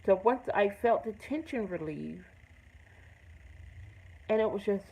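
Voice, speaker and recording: A woman's voice: mid-range voice, animated, unhurried, pauses often, darkish tone, husky, low-quality recording. A woman hosting her own show, telling a personal story in an earnest, emphatic way with blunt, salty language. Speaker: host. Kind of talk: personal testimony to camera.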